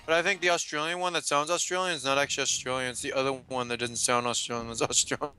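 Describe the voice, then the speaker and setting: A man's voice: mid-range voice, steady tone, fast, sharp tone, clear, resonant tone, low-quality recording. A Canadian man chatting loosely while playing a co-op game, rambling, swearing and trailing off mid-thought. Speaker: gaming channel host. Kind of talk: casual gameplay chat.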